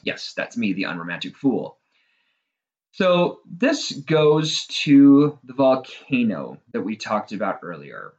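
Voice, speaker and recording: A man's voice: mid-range voice, sing-song, takes it slowly, a little mellow. A middle-aged man talking through a casual monologue, conversational and self-deprecating, with fillers and wry asides. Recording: dull lo-fi recording.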